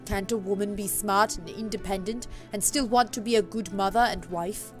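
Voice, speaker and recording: A woman voicing a mysterious older witch shopkeeper, pushing her voice deep and trying an accent that keeps slipping, while reading game dialogue aloud. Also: steady tone, moderate pace, soft background music, close to an everyday voice. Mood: admiring. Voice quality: deepened voice, wobbly attempted accent.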